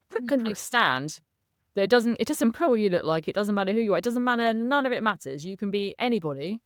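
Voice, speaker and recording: A woman's voice: mid-range voice, expressive, fast, dry recording, clean studio sound. A woman speaking as a guest in a candid interview, effusive and emotional, laughing often. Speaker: coaching client, guest.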